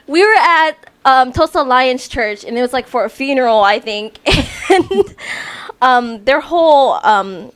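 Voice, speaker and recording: Young female co-host, high-pitched, easygoing and giggly casual talk. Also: expressive, unhurried, a bit bright, clean tone. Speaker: podcast co-host. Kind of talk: casual chat.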